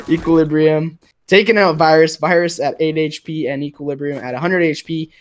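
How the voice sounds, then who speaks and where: Excitable male esports caster, higher voice. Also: brisk, slight background noise. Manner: excitable caster with frequent fillers. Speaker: esports commentator. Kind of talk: live play-by-play commentary.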